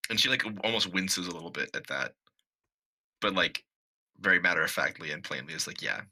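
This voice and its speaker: Low husky tabletop player, enthusiastic. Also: male voice, expressive, fast talker, pushed and bright. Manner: enthusiastic, chatty. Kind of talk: casual chat.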